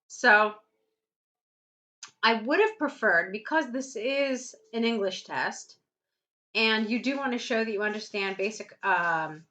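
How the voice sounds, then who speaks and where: Bright-voiced woman tutoring English writing. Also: on the high side, poor audio. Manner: patient, explains step by step, reads student text aloud. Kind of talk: essay correction lesson.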